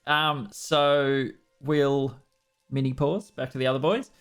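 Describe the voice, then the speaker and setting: Gravelly Australian game master. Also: male voice, medium pitch, little pitch movement, takes it slowly, fairly bright tone, soft background music. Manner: casual, hesitant with many fillers. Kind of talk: running a tabletop game.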